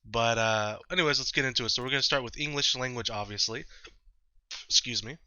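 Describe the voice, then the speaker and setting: A man hosts a let's-play from home, chatting rambly through casual gameplay commentary and often correcting himself. His mid-range voice is sharp and a little fast, captured dry on a slightly dull lo-fi mic.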